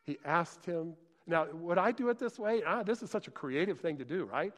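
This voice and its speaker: Pastor preaching in a church hall: slightly high, lively storyteller, long echo. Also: male voice, moderate pace. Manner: animated storytelling, acts out scripture voices, enthusiastic exclamations. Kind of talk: sermon.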